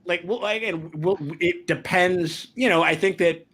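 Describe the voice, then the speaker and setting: Male host, fairly high voice, rambling casual livestream banter. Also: unhurried, fairly bright tone. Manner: rambling, restarts often. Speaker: podcast host.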